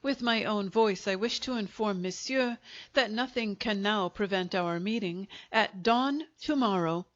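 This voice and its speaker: A woman's voice: medium pitch, unhurried, dull audio, natural voice. A woman voicing a small, furious male French apothecary who rants indignantly. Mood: triumphant. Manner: ranting, indignant.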